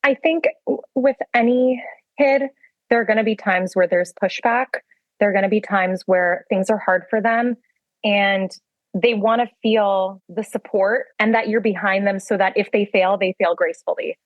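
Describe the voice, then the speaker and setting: A woman's voice: mid-range voice, moderate pace, no room sound, narrow, tinny audio. A middle-aged woman, a guest on a podcast, chatting casually and laughing often as she talks. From United States. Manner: warm, laughs often while talking.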